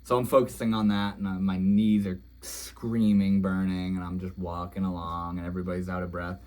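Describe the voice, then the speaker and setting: A man's voice: low voice, little pitch movement, a little fast, a little mellow. A young man telling a story in a casual, rambling way, dreamy and emotional, with many "like"s and "you know"s. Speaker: vlogger.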